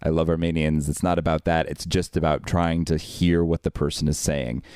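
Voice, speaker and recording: A man co-hosting a podcast, telling a long story in an exasperated, animated way with many fillers and restarts. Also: extremely low pitch, normal speed, clear, resonant tone, no echo, clean studio sound. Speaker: podcast co-host. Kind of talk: casual storytelling chat.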